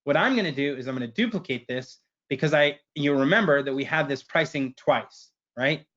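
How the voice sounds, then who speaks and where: A man presenting a webinar, walking through a software screen share in a casual way and tagging his sentences with "right?". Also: a little high, a little fast, lo-fi sound. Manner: casual, keeps asking "right?".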